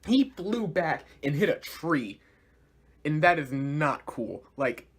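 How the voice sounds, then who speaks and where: A man giving a casual video review of a series, animated and slangy, laughing often. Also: on the high side, takes it slowly, breathy edge.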